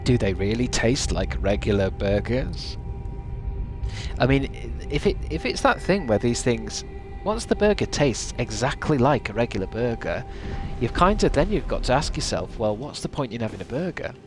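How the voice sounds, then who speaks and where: A man's voice: mid-range voice, sing-song, normal speed, music in the background. A man streaming a game, musing aloud in casual, rambling chat with many restarts.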